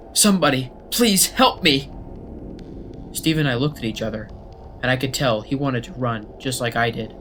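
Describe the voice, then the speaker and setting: A man telling a first-person horror story as scripted narration, in a steady, measured way. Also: mid-range voice, noisy background. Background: faint background music.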